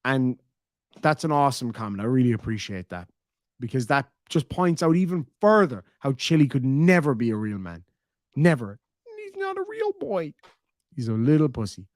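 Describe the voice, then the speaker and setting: A man's voice: medium pitch, expressive, a little fast, no room sound, clean studio sound. A man with an Irish accent hosting a livestream, reading out viewer donations and reacting bluntly with plenty of swearing. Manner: blunt and profane, emphatic. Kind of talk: casual livestream chat.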